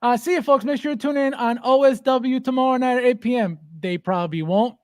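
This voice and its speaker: A male livestream host with a high-pitched voice talks back to his viewers' comments. He repeats himself and sounds defiant. The recording is dry and close, with no room sound. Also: fairly quick, no room sound. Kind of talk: casual livestream chat reading comments.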